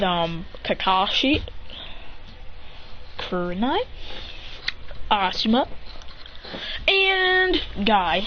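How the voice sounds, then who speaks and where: A woman spins an improvised fan story in a rambling, excitable rush, often restarting and adding mouth sound effects. Her voice sits fairly high. The recording is dull and lo-fi, with a faint hiss.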